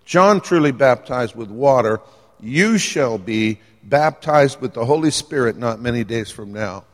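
A man of medium pitch preaches unhurriedly to a live church-hall congregation, his words trailing a long hall reverb. The sermon is playful and conversational, lively, with jokes and questions tossed to the audience.

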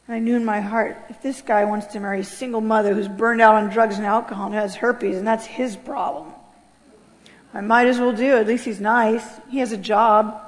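A woman from California giving an emotional personal testimony, swinging between loud outbursts and hushed, low passages. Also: steady tone, moderate pace. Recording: long hall reverb.

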